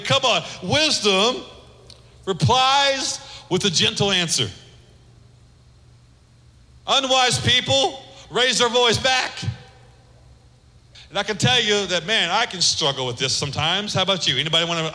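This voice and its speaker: A middle-aged male pastor preaching a sermon in a large hall, his voice sitting fairly high and sounding very bright. He is animated, moving between loud, emphatic lines and soft, low asides. A long reverb trails after his words.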